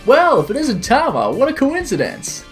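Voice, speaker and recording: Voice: huge pitch swings, normal speed, faint music behind. A streamer voicing a pushy grown man who whines and begs and seems close to tears, while reading a visual novel aloud on a live stream. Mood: whiny. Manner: pleading, high-pitched and loud.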